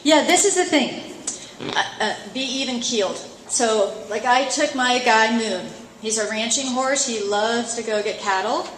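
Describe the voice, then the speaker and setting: A middle-aged woman coach teaching a live seminar at a horse expo, chatty and lively, acting out her inner thoughts. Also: on the high side, measured pace, slight background noise. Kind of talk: live talk to an audience. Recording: roomy echo, faint ambience.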